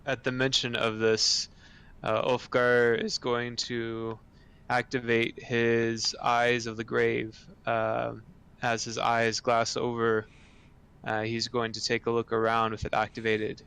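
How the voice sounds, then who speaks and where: A man playing a tabletop role-playing game. He speaks in a very flat, steady way with almost no rise or fall. His voice is bright and clean. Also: medium pitch, takes it slowly, clear, resonant tone. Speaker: player.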